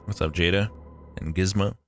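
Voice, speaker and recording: A man's voice: sits low, fairly even intonation, normal speed, a little hiss or hum. A young man streaming a game live, chatting with his viewers, swearing often and joking sarcastically.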